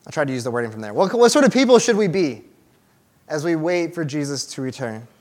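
A man's voice: a little high, big pitch swings, quick pace. A young man giving a casual, conversational sermon to a small church group, with restarts and fillers as he talks to the room. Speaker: church teacher.

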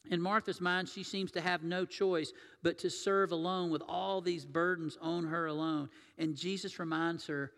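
A man's voice: on the high side, little pitch movement, moderate pace, hardly any pauses, fairly bright tone. A man preaching a sermon as pastor, in a conversational way that asks the congregation questions. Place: church sanctuary. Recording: long reverb of a church hall.

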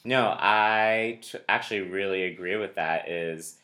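Very deep-voiced rambling man. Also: unhurried, sharp tone. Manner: rambling, digressive, many fillers and restarts. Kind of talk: casual conversation.

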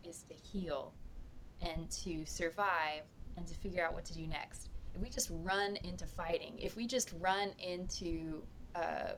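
A woman's voice: fairly low pitch, unhurried, fairly bright tone, slight background noise. A woman playing a tabletop game, arguing impassionedly in character. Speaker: player. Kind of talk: in-character tabletop role-play.

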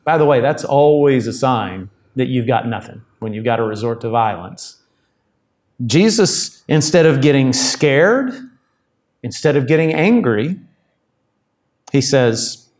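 A man's voice: medium pitch, expressive, a little slow, a little mellow. Man teaching a sermon. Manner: conversational Bible teaching, reads scripture aloud. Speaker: pastor.

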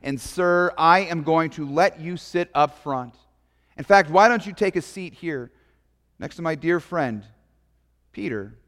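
A man voicing a tender, forgiving male savior who speaks gently and quietly. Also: on the high side, unhurried, long reverb tail. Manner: soft, gentle, hushed.

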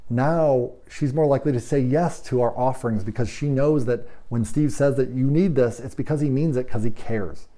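A man's voice: mid-range voice, moderate pace, few pauses, dark tone. A man coaching automotive service managers, talking emphatically with rhetorical questions and acting out bits of dialogue. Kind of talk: training talk to shop managers.

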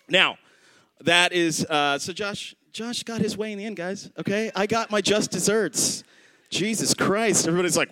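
Lively man telling a comic story. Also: fairly high pitch, clean tone, no room sound, rough recording. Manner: animated, acts out quotes, laughs mid-line. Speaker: storytelling comedian. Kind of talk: live storytelling set.

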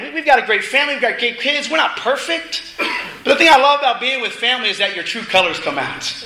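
A middle-aged man preaching a sermon, telling a family story in a casual, animated way with laughing asides. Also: high-pitched. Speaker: minister. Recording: echoey room with faint noise.

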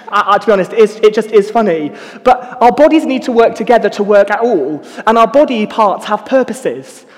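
A man's voice: high voice, long reverb tail. A young man giving a casual, self-mocking sermon full of personal stories. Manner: self-mocking, chatty storytelling. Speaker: preacher.

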